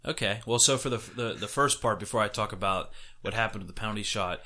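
Bright-voiced heated male podcast co-host. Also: on the low side, quick pace. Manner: heated, animated storyteller who swears freely. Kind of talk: casual chat.

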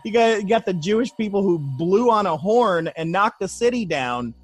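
Excitable chatty male podcast co-host. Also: high voice, normal speed, breathy edge, no room sound. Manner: enthusiastic, laughing, chatty. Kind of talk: casual interview chat.

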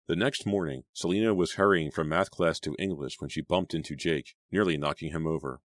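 A man narrating an audiobook in a steady, measured reading. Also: extremely low pitch, no room sound, studio quality.

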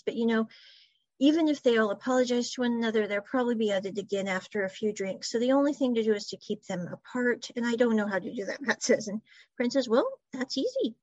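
Woman, fairly high voice, chatty recap of a series, dry muffled lo-fi recording. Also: darkish tone, no echo. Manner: chatty storytelling, quoting characters in her own voice. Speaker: show recapper. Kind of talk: casual episode recap.

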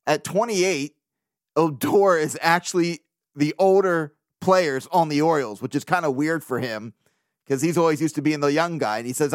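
A man's voice: fairly high pitch, normal speed, dry recording, studio quality. A man hosting a casual solo sports podcast, talking in a loose, joking way, swearing now and then and laughing often. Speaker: podcast host.

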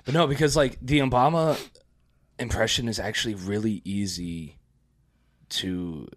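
A man's voice: fairly low pitch, a little slow, no echo. A tired man co-hosting a podcast, rambling in casual chat with lots of fillers and restarts. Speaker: podcast co-host.

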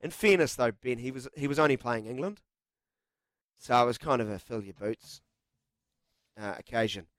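A man's voice: mid-range voice, moderate pace, long pauses, fairly bright tone, dry recording. A man hosting live sports talkback radio in a studio, chatty and jokey with lots of filler words. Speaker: radio sports show host. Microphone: studio microphone.

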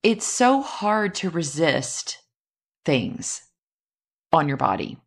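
A woman, likely in her thirties, reflects candidly and self-deprecatingly on a personal experience, laughing now and then. Her deep, gravelly voice is slow and sing-song.

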